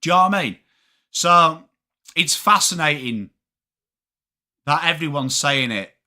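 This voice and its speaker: A young English man hosting a live sports watchalong, talking fast and casually, swearing freely and answering chat by name. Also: a little high. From England. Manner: animated, swearing, reads chat names aloud. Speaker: livestream host.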